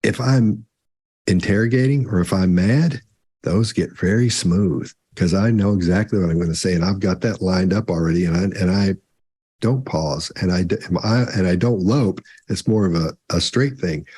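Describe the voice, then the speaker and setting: A man co-hosting a live Q&A, talking slowly and deliberately with long pauses in the middle of sentences. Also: low-pitched, mellow, husky. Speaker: co-host. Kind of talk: live Q&A talk.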